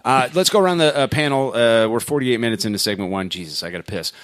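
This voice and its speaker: A man's voice: medium pitch, fast talker, dry recording. A man hosting a casual podcast, ranting with heavy swearing and jokey mock threats. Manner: animated, swears a lot, mock-threatening rants. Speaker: podcast host. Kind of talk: casual profane podcast chat.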